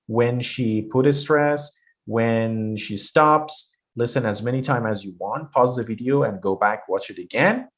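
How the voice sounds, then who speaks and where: A man teaching a pronunciation lesson, explaining step by step with frequent hesitations. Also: medium pitch. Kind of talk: online lesson.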